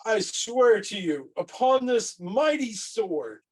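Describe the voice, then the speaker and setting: A man with a notably high voice plays his character at a tabletop game. He draws each grand, solemn phrase out slowly, as if preaching to the table. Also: big pitch swings, breathy edge, recorded from a distance, poor audio. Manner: grandiose, drawn-out in-character speeches. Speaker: player. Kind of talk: in-character tabletop role-play.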